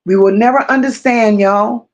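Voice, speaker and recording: On a live stream, a woman with a voice on the high side and a darkish tone reads viewers' comments aloud and responds. The audio is lo-fi. She speaks slowly, repeats phrases to stress them, and treats her audience like close friends.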